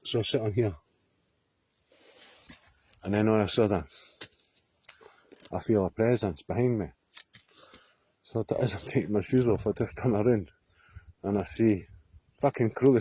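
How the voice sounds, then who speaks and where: A man's voice: fairly low pitch, moderate pace, long pauses, mellow, husky. A Scottish man telling a story to camera outdoors on a hillside, rambling, swearing freely and often laughing. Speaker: vlogger.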